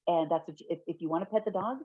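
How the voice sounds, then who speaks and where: A middle-aged woman giving an online fair housing training from her home office, chatty and quick to laugh, often correcting herself mid-sentence. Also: fairly low pitch, no room sound. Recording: dull, lo-fi webinar audio.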